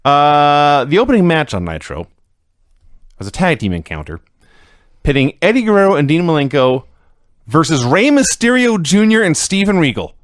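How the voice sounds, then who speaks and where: A man's voice: fairly high pitch, big pitch swings, normal speed, no room sound, clean studio sound. Sarcastic man recapping with wry jokes. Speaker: podcast co-host. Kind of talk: casual chat.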